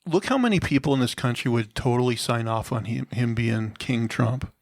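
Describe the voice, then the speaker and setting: A man with a gravelly, creaky voice, chatting in a laid-back, rambling way on a comedy podcast. The sound is dry and close, with no room echo. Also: mid-range voice, normal speed. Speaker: podcast co-host. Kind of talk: casual comedic chat.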